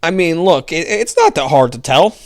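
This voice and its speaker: A man's voice: on the high side, animated, normal speed. Sarcastic young male political ranter. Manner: sarcastic, mocking, rambling. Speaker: political commentary host. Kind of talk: casual political rant.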